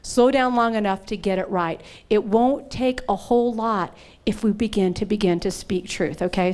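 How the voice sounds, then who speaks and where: A middle-aged woman preaching, telling stories with humor and acting out the voices in quotes. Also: mid-range voice. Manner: animated, acts out voices in quotes. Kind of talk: humorous sermon storytelling.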